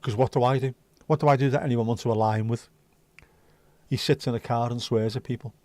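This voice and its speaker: A man's voice: medium pitch, fairly even intonation, fairly quick, a little mellow, dry recording. A man with a Scouse accent from Liverpool, hosting a casual livestream chat and rambling along with the odd swear word. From Liverpool, England. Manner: chatty, rambling, swears freely. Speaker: livestream host.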